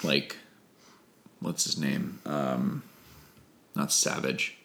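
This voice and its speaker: A man with a low, deep voice chatting casually about movies. He gets excitable and swears now and then. He often stumbles while grasping for half-remembered names. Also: extremely slow, creaky.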